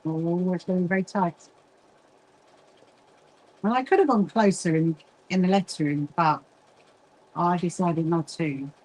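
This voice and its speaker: On a low-quality recording, a middle-aged woman with a lowish, somewhat mellow voice talks a little slowly, leaving long pauses. As host of a casual sewing livestream and founder of a quilting association, she greets viewers by name and is quickly distracted.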